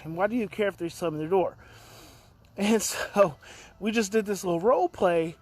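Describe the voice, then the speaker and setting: High-pitched man, earnest, rambling parenting talk streamed by phone from outdoors. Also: moderate pace, darkish tone. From California. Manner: rambling, earnest, greets viewers by name. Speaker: parenting educator hosting a daily live stream. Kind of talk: casual live-stream talk. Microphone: phone on a live stream.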